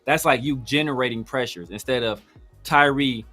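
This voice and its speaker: Bright-voiced, chatty male co-host. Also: mid-range voice, normal speed, soft background music. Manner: animated, chatty, acts out his own reactions. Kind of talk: casual sports podcast chat.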